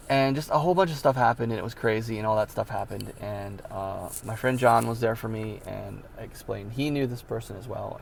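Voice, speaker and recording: Man, casual storytelling, rambling with fillers, gravelly voice, faint hiss behind. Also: mid-range voice. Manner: rambling, many fillers and repeats, bursts of disbelief. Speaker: vlogger telling his life story.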